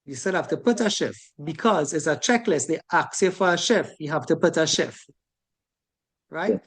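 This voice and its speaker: A woman's voice: low voice, lively intonation, moderate pace, breathy edge. A woman from the Caribbean with a Caribbean English accent, teaching a safety course in a chatty classroom lecture style and ending many sentences with "right?".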